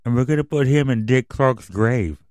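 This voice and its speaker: A man's voice: medium pitch, normal speed, darkish tone, no room sound, studio quality. A man hosting his own radio show, delivering a crude, rambling, conspiratorial rant full of swearing and ending on an emotional, subdued note. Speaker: podcast host. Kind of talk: profane ranting monologue.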